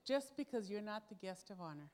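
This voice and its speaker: A woman's voice: mid-range voice, lively intonation, fairly quick, darkish tone. A woman pastor preaching a sermon, telling a personal story in a conversational way and acting out the dialogue. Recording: long hall reverb.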